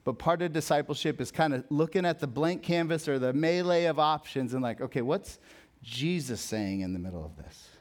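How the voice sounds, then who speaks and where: A young man preaching a sermon as a pastor, conversational and jokey, telling stories, then dropping soft for emphasis. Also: a little high, lively intonation, fairly quick. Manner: conversational, jokey storytelling with sudden soft drops.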